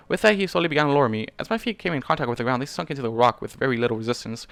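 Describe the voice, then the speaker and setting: Man narrating fan fiction, fast, self-correcting, dry close mic. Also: medium pitch, vocal fry, a bit bright, dry recording. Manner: first-person narration with stumbles and self-corrections. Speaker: fanfiction reader. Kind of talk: reading fanfiction aloud.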